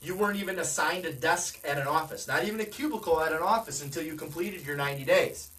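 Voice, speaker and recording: A man's voice: on the high side, quick pace, a bit bright, far from the mic, poor audio. A man giving a direct, conversational sales training talk, often asking his listeners questions. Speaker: real estate sales coach.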